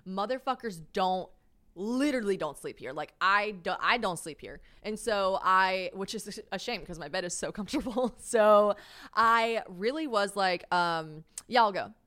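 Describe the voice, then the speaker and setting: A woman in her late twenties, a podcast host, telling a story in casual chat. She swears freely, laughs often and acts out quoted lines with big jumps in pitch and volume. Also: expressive, normal speed, a bit bright. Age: late 20s. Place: her apartment.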